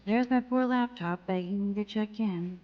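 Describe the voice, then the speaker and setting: A woman's voice: medium pitch, a little slow, muffled recording, natural voice. A woman voicing a shy young photography student. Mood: musing. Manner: quiet, self-mumbling inner monologue. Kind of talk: video game dialogue.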